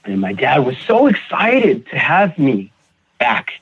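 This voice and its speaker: A man guest on a recovery podcast, telling his personal story in a halting way, repeating words and acting out what others said. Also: medium pitch, huge pitch swings, husky. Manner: halting, repeats words, acts out quoted voices. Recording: tinny phone-like audio.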